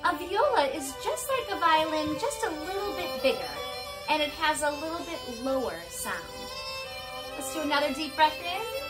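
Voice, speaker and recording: Slow, lively-voiced woman music teacher. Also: sits high. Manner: bright, encouraging, speaks slowly and clearly to kids. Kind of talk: online music lesson for young children.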